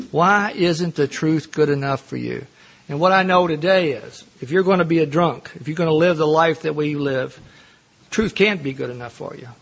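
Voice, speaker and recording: A middle-aged man speaking at a recovery meeting, telling his own story in an earnest, self-mocking way and laughing often. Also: fairly high pitch. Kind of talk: personal storytelling talk.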